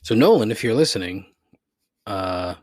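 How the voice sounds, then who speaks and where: A man's voice: fairly low pitch, lively intonation, moderate pace, a little mellow, no echo, studio quality. A man hosting his own podcast, ranting in frustration and laughing at himself as he swears a lot. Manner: frustrated, swearing, self-deprecating with rueful laughs. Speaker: podcast host. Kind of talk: solo podcast rant.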